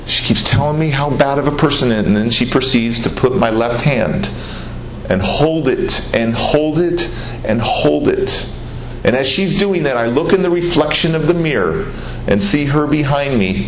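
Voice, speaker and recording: A man giving an earnest personal testimony speech, telling his story with dramatic pauses and repetition. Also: medium pitch. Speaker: public speaker. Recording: roomy hall, faint noise.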